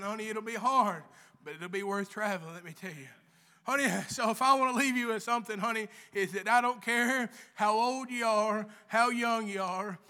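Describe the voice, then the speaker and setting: Very high, bright-voiced preacher man. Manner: fervent, keeps repeating "honey", rising to shouts. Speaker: lay preacher. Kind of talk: sermon. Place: church.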